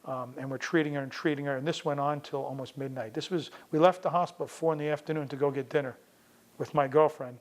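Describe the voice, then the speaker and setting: A middle-aged veterinarian from the New York area tells a personal story in a relaxed, conversational way. He acts out the lines of the people in it as he goes. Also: a little high, fast talker, poor audio. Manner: conversational, acts out quoted dialogue in the telling.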